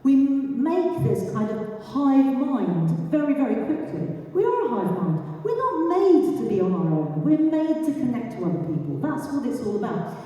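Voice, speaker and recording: Lively woman in an echoey hall. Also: high voice, normal speed, muffled recording. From England. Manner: lively, chatty, asks the audience questions. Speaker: speaker giving a talk. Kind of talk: live talk to an audience. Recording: echoey hall, mic far off.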